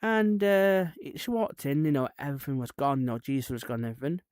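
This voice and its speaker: A man's voice: mid-range voice, fast, a little mellow, clear, resonant tone, no room sound, studio quality. A man, a streamer rambling irreverently in casual chat and laughing at his own jokes.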